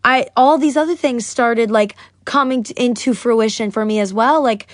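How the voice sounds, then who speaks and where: A woman's voice: fairly high pitch, normal speed, dry recording, clean studio sound. A young woman from the United States, a podcast guest, talking casually about her life with lots of fillers and acted-out quotes. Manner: chatty, many "like" fillers, acts out quotes. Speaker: podcast guest, singer-songwriter. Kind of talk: casual personal storytelling.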